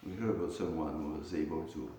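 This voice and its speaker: Very deep-voiced man teaching scripture, echoey hall. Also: mellow. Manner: halting, repeats words, many fillers. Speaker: lecturer on scripture. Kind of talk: scripture class. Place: temple hall. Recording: distant echoey hall mic, faint noise.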